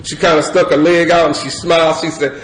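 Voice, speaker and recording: A middle-aged man sharing his personal recovery story at a meeting, animated and laughing, with lots of "you know" fillers. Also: on the high side, brisk. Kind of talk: personal testimony share. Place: meeting hall with audience. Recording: echoey hall with crowd noise. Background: audience murmur and ambience.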